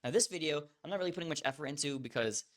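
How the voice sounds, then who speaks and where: A young man hosting an online course, talking casually and bluntly to the viewer with quick restarts. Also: on the high side, a bit bright. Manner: blunt, fast, repetitive restarts, addresses viewer as bro. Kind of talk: casual direct-to-camera teaching.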